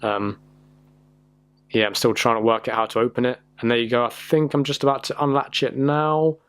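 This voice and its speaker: A man's voice: medium pitch, flat delivery, moderate pace, smooth, no room sound. A young man from the United Kingdom, chatting casually and self-deprecatingly in a vlog, rambling with fillers. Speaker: vlogger. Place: in a car and outdoors by a house.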